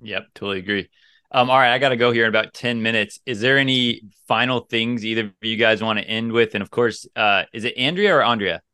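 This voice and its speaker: Low, bright-toned male podcast co-host. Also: fairly even intonation, quick pace, smooth, dry recording, clean studio sound. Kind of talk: casual interview chat.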